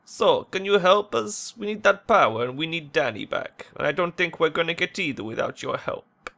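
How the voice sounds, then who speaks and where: A man's voice: on the high side, animated, moderate pace, gravelly, pushed and bright, pitched above the performer's own voice, heavily acted. A man voicing a worried young woman. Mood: guarded, pleading. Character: young woman, worried but putting on a brave face. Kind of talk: reading game dialogue aloud.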